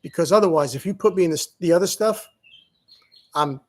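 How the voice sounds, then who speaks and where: A middle-aged man with a brisk, higher-pitched voice talks through a casual vlog monologue. He rambles and mocks himself, laughing often as he goes.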